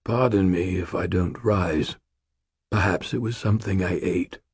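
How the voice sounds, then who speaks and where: A man's voice: sits low, a little slow, gravelly, darkish tone, husky, no room sound, clean studio sound, full character voice. A man reading the part of a dying old male ghost warrior, weak and fading, with formal, archaic speech. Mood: weak, gentle.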